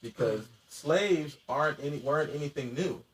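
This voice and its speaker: A man's voice: on the high side, expressive, normal speed, far from the mic. A young man hosting a casual podcast, rambling and profane, laughing often. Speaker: podcast host. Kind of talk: casual chat.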